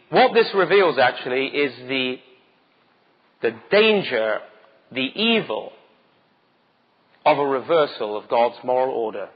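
Husky, urgent male preacher. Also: a little high, long reverb tail, muffled recording. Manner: urgent, emphatic, rhetorical questions. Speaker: pastor. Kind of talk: sermon.

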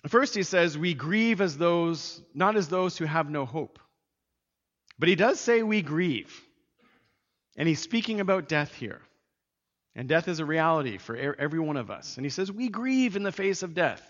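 A man's voice: fairly high pitch, sing-song, moderate pace, fairly bright tone. A man preaching a sermon to his congregation in an earnest, emphatic way, repeating key phrases as he reads and explains scripture. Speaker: pastor. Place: church sanctuary. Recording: dull sound with long church reverb.

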